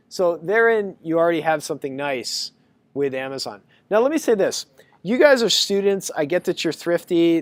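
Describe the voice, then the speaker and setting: A man giving a casual university lecture, talking to students in a chatty, animated storytelling way. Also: fairly high pitch, no echo.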